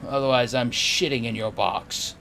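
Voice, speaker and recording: A man's voice: medium pitch, moderate pace, vocal fry, sharp tone, slight background noise. A man playing a video game and reading its dialogue aloud, with casual, crude, joking commentary. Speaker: gaming streamer.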